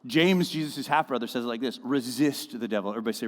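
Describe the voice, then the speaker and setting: A man preaching a sermon as a pastor, conversational and full of animated storytelling, in a church auditorium. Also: medium pitch, quick pace. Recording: echoey church hall.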